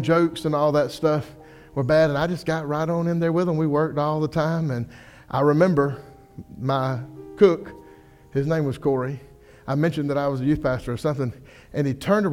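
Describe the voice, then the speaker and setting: A man's voice: on the high side, darkish tone. A young man, a pastor delivering a sermon in a folksy storytelling way, acting out the people he quotes. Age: young adult.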